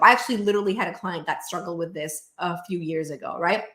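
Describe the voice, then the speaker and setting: A woman business coach talking straight to camera in an energetic, emphatic way, full of "like" and "right?", acting out her clients' inner worries in quick asides. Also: on the low side, reverberant. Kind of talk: direct-to-camera coaching monologue.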